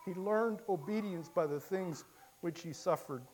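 Man, preacher, sermon, slightly high voice, impassioned, hushed then loud cries. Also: a little slow. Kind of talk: sermon with dramatic first-person storytelling.

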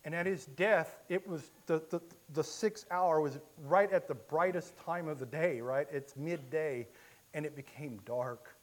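A man with a slightly high voice preaches unhurriedly, narrating the story in the first person and swinging between hushed, quiet lines and loud, impassioned cries.

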